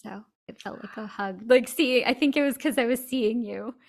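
A woman co-hosting a podcast over a video call, talking in a gentle, reflective way with easy giggles. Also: fairly high pitch, moderate pace.

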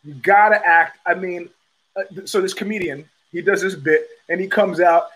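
Middle-aged male host, higher-pitched voice; loose, profane, rambling monologue with frequent restarts. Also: steady tone, normal speed, fairly bright tone, rough recording. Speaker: podcast host. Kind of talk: casual monologue.

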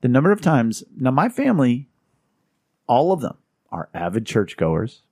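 A man hosting a podcast, chatting casually and telling stories with wry humor, slipping into lively quoted voices. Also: mid-range voice, moderate pace, husky, no room sound, studio quality. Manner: storytelling, wry humor, animated quoting. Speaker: podcast host. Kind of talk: casual chat.

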